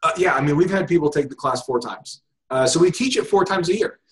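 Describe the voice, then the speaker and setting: Over a video call with rough sound quality, this hypnosis teacher talks a little fast in a slightly high, expressive voice. He's an interview guest in a loose, conversational exchange, often restarting sentences and filling gaps with "um" and the like.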